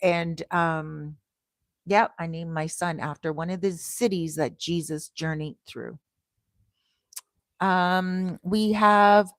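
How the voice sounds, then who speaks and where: Slow-spoken woman chatting on a livestream. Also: lowish voice, no echo. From Canada. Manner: slow, deliberate storytelling that turns to bright, excited greetings to viewers. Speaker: livestream host. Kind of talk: casual livestream chat.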